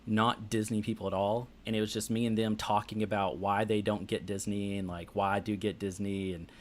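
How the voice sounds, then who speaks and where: A man's voice: lowish voice, flat delivery, a little fast. A man hosting a podcast, asking his guests questions in a loose, friendly way. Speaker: podcast host. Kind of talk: interviewing guests.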